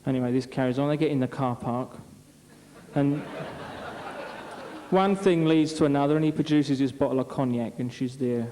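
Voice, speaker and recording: A man's voice: mid-range voice, normal speed, warm tone, a little hiss or hum, rough recording. A man on stage at an amateur revue, telling long jokes to a live audience in a rambling, chatty way. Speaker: revue comedian.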